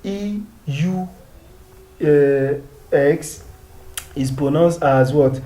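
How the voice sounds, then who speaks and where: A man's voice: a little high, slow pace, creaky, long pauses, dark tone. A man from Nigeria teaching a video lesson, patiently repeating each sound and asking the viewer questions. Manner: asks the viewer questions and answers them. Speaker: French teacher.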